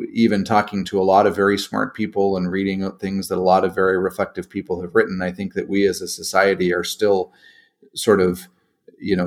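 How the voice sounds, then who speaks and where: A man hosting an interview, talking in a thoughtful, searching way with frequent restarts. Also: low voice. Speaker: podcast host. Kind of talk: reflective interview conversation.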